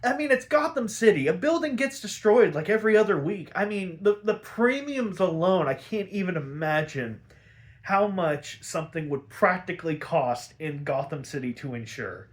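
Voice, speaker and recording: Young male host, fairly high voice, profane and animated when recapping. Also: moderate pace. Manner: profane, gets worked up and exasperated; rambling with many "like" fillers. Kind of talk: casual episode recap.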